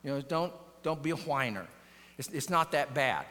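A man speaking as a gruff father who curtly tells his crying little boy to shake it off, heard with long hall reverb. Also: mid-range voice, expressive, normal speed, bright, forceful tone. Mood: gruff, impatient. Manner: curt, scolding, brushing off hurt.

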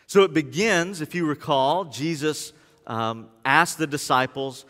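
A man preaching a sermon as pastor, telling the story in lively casual words and retelling scenes as he goes. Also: on the high side, measured pace, in a large hall.

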